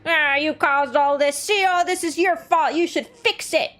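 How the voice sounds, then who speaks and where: A woman imitating a mean, xenophobic old village woman, snappish and accusing, pitched up and loud. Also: normal speed.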